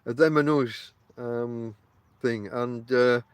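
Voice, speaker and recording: With a medium-pitched, steady, clear and resonant voice, a middle-aged man takes things slowly in a recording without echo. He hosts a casual podcast from the coast outdoors, rambling chattily to his listeners in a mixed Yorkshire-Lancashire northern English accent, with frequent ums and restarts.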